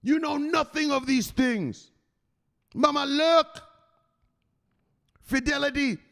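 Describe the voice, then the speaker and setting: A man voicing a boastful male crypto investor who loudly and dismissively lectures his mother. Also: extremely high pitch, slow, gravelly, voice pushed up, heavily acted. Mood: boastful, insistent. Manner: loud, insistent, dismissive.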